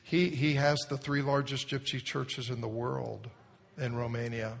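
A man preaching a sermon, telling a folksy story and building to loud exhortation. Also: medium pitch, level tone, measured pace, gravelly. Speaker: pastor. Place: large church hall. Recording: long hall reverb.

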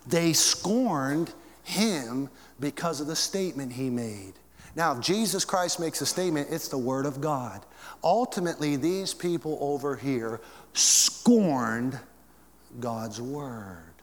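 A preacher in a reverberant hall. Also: male voice, lively intonation, slow pace. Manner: preaching with big swings in pitch and volume. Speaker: pastor. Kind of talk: sermon. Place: church.

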